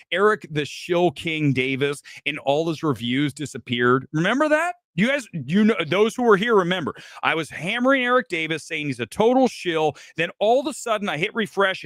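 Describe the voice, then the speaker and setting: Loud, animated man hosting a live show. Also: a little high, dry recording, clean studio sound. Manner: laughing hard, profane and animated. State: crying with laughter. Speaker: live movie review show host. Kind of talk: live-stream commentary.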